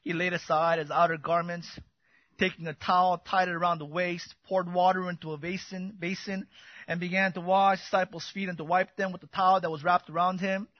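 A man preaching an expository sermon as pastor, swinging from loud emphatic bursts to quiet intimate asides. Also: high-pitched, little pitch movement, fairly quick, no room sound, lo-fi sound.

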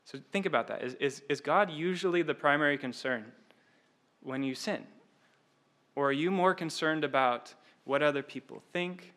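A man's voice: on the high side, fairly bright tone. A man preaching an expository sermon, earnest, often repeating words and tossing in "like" and "right?".

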